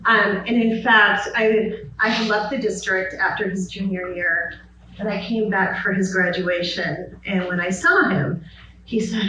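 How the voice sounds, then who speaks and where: A middle-aged woman, a former high school teacher, telling fond stories about a student at a memorial, often laughing as she speaks. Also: fairly even intonation, measured pace. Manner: warm storytelling with laughter. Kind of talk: memorial tribute speech. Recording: echoey, distant, muffled, noisy.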